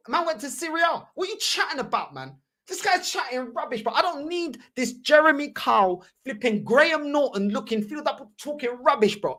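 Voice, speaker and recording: A woman's voice: high voice, fairly bright tone. A woman hosting a fan channel, ranting heatedly in slangy, repetitive reaction commentary.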